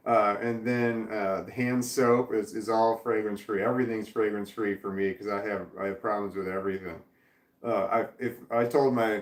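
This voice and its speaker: A man's voice: medium pitch, roomy sound. A middle-aged man chatting casually on his channel, rambling with restarts and blunt swearing as he reads and answers viewer comments. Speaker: vlogger reading viewer comments. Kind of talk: casual rambling livestream chat.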